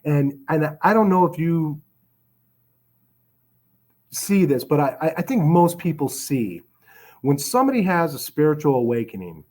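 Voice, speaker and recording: A man's voice: on the high side, big pitch swings, unhurried, long pauses, a little mellow. A man from Chicago telling his recovery story in a casual, rambling way, with many restarts and fillers.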